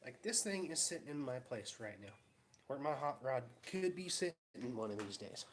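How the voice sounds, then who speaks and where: A man's voice: mid-range voice, sing-song, normal speed, a little hiss or hum. A young man casually telling rambling, laughing stories in his garage and acting out the quotes. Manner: rambling, laughing storyteller who acts out quotes. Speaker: vlogger. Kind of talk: casual storytelling. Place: home garage.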